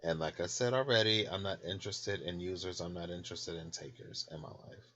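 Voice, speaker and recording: A man's voice: sits low, steady tone, a little fast, pushed and bright, dull audio. A man hosting his own channel, rambling candidly and loosely from bed at home, snacking and laughing as he talks. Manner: snacking while talking. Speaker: tarot channel host. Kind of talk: casual late-night rambling vlog.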